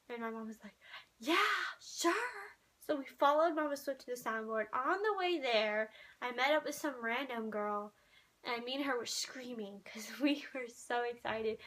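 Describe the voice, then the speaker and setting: A woman telling a concert story to her camera in an excited, gushing, starstruck way. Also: fairly high pitch.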